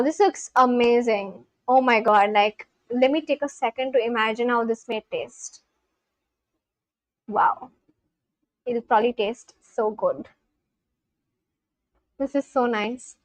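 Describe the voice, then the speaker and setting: A woman's voice: a little high, takes it slowly, long pauses, a bit bright, no room sound, poor audio. A young woman chatting casually on a livestream, gushing and exclaiming often as she reacts to viewers.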